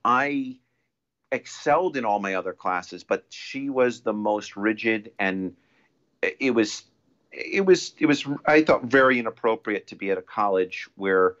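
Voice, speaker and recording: A man talking as a podcast guest in a casual, rambling way, restarting often and getting animated when he quotes people. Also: fairly low pitch, measured pace. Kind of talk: casual storytelling. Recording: dull lo-fi audio.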